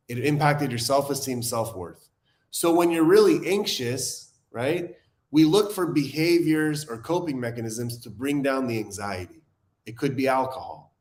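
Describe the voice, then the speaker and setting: A young adult man hosting a recovery live stream, talking in an earnest, animated way and reading viewer comments aloud. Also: mid-range voice. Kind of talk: casual live-stream talk.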